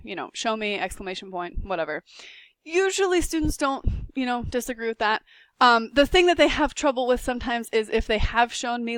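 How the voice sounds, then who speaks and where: A woman's voice: fairly high pitch, no echo. Insistent, emphatic woman tutor. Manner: emphatic, insistent, repeats points. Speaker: test-prep tutor trainer. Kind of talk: recorded lesson.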